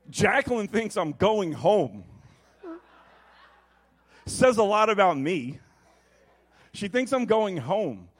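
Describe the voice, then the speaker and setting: A man in his thirties preaching a sermon, moving between quiet reflection and animated personal storytelling. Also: high-pitched, very slow, pauses often, husky. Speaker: pastor.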